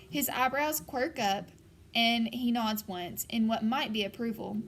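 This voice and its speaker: A woman reads a first-person audiobook in an even, storytelling manner. Her voice sits somewhat high, with a faint hiss of noise underneath. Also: a little slow. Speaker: audiobook narrator.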